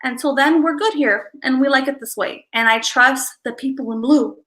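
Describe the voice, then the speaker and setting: Livestream host, woman, slightly high and bright-toned, loose and rambling, greets viewers by name. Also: normal speed, low-quality recording. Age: adult parent. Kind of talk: casual livestream chat.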